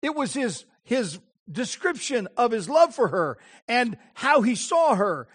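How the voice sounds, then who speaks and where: A male preacher giving an impassioned sermon, with emphatic phrasing and dramatic pauses. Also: very high-pitched, sing-song, breathy edge.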